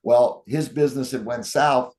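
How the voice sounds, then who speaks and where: A man's voice: medium pitch, moderate pace. A man telling stories as an interview guest, acting out the quotes of the people in them. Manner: animated storyteller, acts out quotes. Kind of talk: storytelling interview.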